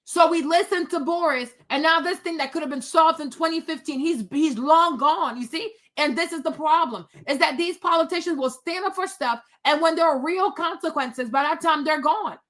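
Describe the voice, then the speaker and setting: A woman's voice: high-pitched, moderate pace, hardly any pauses, fairly bright tone. A woman hosting her own political commentary, blunt, sassy and profane, scolding the people she talks about. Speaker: commentary host.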